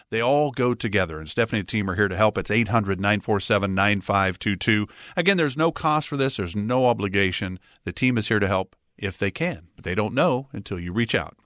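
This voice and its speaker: A man hosts a financial talk radio show. His pitch rises and falls in an animated way as he talks up retirement planning and reads out a phone number. The studio sound is dry and close. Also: no echo. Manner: lively, promotional, repeats phone number.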